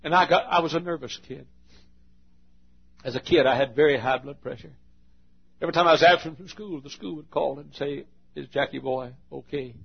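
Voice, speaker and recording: A middle-aged male pastor preaching an intense sermon, swinging from shouts to hushed, near-quiet passages. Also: on the high side, fairly quick, vocal fry, long pauses, husky, lo-fi sound.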